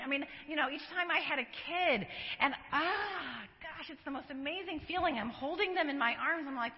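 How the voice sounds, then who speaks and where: A middle-aged woman giving an animated, chatty church teaching talk and laughing often. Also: sits high, normal speed. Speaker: women's ministry speaker. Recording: echoey hall, dull lo-fi recording.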